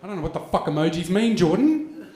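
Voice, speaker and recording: Crude man in his forties, high voice. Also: fast talker, reverberant. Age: 40s. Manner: crude, animated storytelling with mock voices. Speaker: stand-up comedian. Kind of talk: stand-up comedy set. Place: stage in a venue with an audience.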